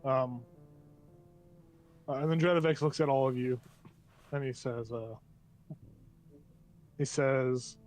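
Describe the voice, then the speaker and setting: A man's voice: mid-range voice, fairly even intonation, slow, long pauses, a little mellow, faint music behind. A man running a tabletop game as game master, describing scenes in a loose, meandering way.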